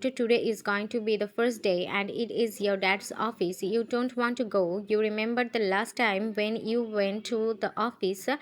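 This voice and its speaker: Woman narrator for a fan story, mid pitch, halting delivery with frequent self-corrections. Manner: hesitant, stumbling, self-correcting; apologetic about her own voice. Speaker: fan-fiction reader. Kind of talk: reading a fan-fiction story aloud.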